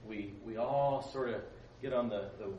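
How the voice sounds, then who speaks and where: Male preacher, storytelling sermon, animated, mic set back, roomy echo. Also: fairly low pitch, normal speed, highs cut off, a little hiss or hum. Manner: animated, acts out voices in his stories. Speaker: pastor leading a Bible study. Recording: roomy, distant mic with faint ambience.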